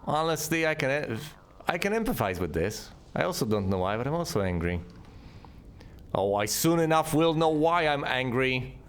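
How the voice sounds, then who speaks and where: A man's voice: on the high side, big pitch swings, moderate pace, clean tone. A man giving sarcastic gameplay commentary and talking back to the enemies on screen. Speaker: let's play host.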